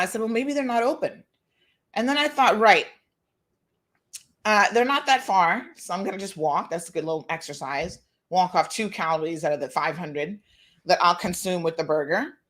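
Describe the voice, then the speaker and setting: A woman hosting a talk show, telling a lively story and acting out the people in it. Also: medium pitch, moderate pace. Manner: animated, acts out quoted dialogue, laughs. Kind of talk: casual monologue, storytelling.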